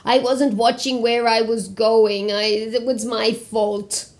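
A woman storyteller puts on a poor old man at a winter market, calling out his wares in a high, sing-song holler. Later he turns humble and apologetic, his voice lower and downcast. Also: little pitch movement, slow. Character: poor hard-selling old male cloth seller.

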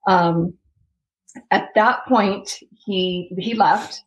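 A woman's voice: mid-range voice, very slow, poor audio. A young adult woman from the United States, telling a heartfelt personal story as an interview guest and acting out the voices of the people in it. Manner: heartfelt, acts out quoted voices, laughs between lines.

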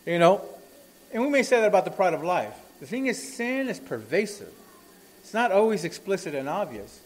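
A man's voice: high-pitched, big pitch swings, moderate pace. A middle-aged man preaching a sermon, emphatic and full of rhetorical questions. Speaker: pastor.

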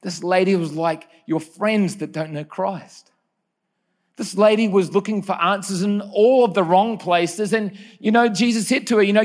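A man preaching a sermon, earnest and personal, telling stories and correcting himself with quick asides. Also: high-pitched. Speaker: pastor.

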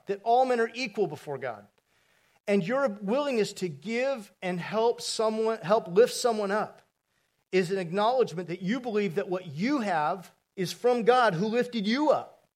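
A man preaching a sermon as pastor, telling stories in a conversational way with asides to the congregation. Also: sits high.

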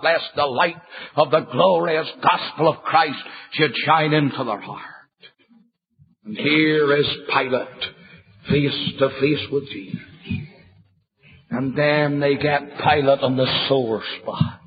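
A man preaching a fiery sermon, swinging from quiet words to shouted appeals. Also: a little high, creaky, slightly rough. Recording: dull recording in a reverberant hall.

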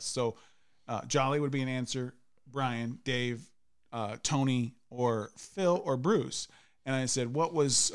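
A man hosting a casual podcast, asking the guests questions with a lot of laughing. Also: medium pitch. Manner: laughing, game-show style questioning. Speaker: podcast host.

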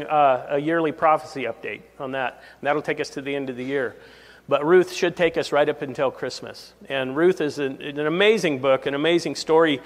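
Pastor preaching in a reverberant hall. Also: male voice, a little high. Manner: conversational, chuckles at own stories. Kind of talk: verse-by-verse sermon.

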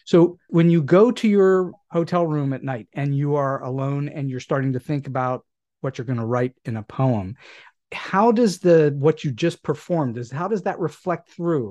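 Man, interviewer, mellow warm tone, curious rambling questions. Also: fairly high pitch, moderate pace, highs cut off. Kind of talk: conversational interview.

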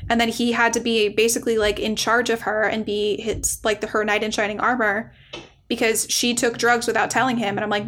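A woman's voice: fairly high pitch, flat delivery, fairly quick, a bit bright, slight background noise. A woman co-hosting a podcast, chatting casually with matter-of-fact, opinionated asides. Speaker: podcast co-host. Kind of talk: casual chat.

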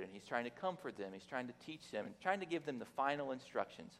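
Speaking fast and animatedly with barely a pause, this guest preacher has a medium-pitched, slightly bright voice. His sermon from the pulpit is relaxed and full of jokes, conversational, with frequent fillers and restarts. Long reverb from the church sanctuary surrounds his words.

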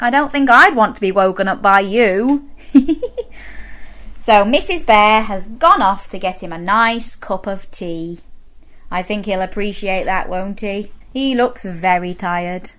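A woman's voice: mid-range voice, a little slow, a bit bright. A woman reading a picture book aloud to young children, playful and encouraging, inviting them to join in with sounds. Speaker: children's storyteller.

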